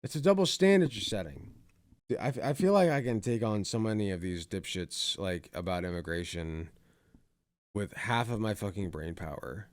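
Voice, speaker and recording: A man's voice: on the low side, animated, moderate pace, no echo, clean studio sound. A man hosting a reaction commentary, exasperated and sarcastic, swearing often. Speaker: commentary host.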